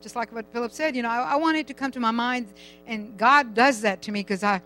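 A woman's voice: fairly high pitch, brisk, bright, forceful tone, slight background noise, poor audio. An older woman giving a rambling, chatty personal testimony in church, laughing now and then as she talks.

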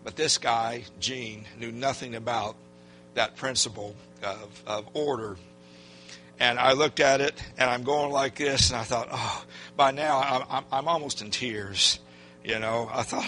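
At a normal speed and in a mid-range voice, an older man delivers a sermon as a pastor while soft music plays in the background. His personal story is folksy and animated, complete with acted-out dialogue.

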